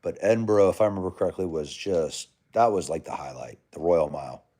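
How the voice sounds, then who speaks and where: A chummy American man with a lowish voice, talking casually on a livestream and answering viewers. His pitch jumps around a lot as he rambles, calling people brother and man. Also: expressive, a little fast, mellow. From United States. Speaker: livestream host. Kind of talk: casual live chat reading comments.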